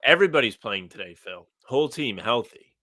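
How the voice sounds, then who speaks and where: A young man co-hosting a casual sports podcast, joking and animated in banter. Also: medium pitch, brisk, no room sound. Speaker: podcast co-host.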